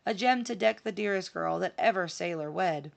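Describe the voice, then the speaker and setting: A woman's voice: fairly low pitch, normal speed, creaky. Woman reading as a proud gallant sailor. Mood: tender.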